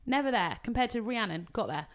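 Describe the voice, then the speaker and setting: A British woman and wedding coordinator, co-hosting a podcast and telling an animated story full of acted-out quotes. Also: fairly high pitch, fairly quick. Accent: British English. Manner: animated storytelling, acts out quotes, swears casually. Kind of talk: casual chat, storytelling.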